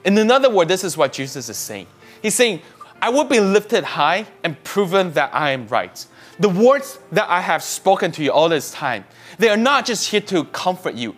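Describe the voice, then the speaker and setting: A man's voice: on the high side, sing-song, moderate pace, a bit bright. A man preaching a sermon, emphatic, pushing up on key words and often restarting his phrases. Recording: faint music behind.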